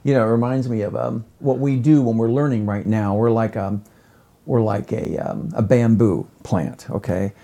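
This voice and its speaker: Gravelly, effusive middle-aged man. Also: medium pitch, moderate pace. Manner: effusive, animated storytelling. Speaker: guest, chef and lecturer. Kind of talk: casual conversation.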